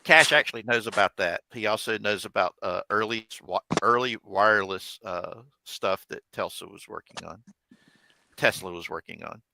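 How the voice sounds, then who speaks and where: A man narrating as game master of a tabletop game, halting and correcting himself as he goes. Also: on the low side, creaky, bright, forceful tone, poor audio. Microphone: desk mic on a live stream.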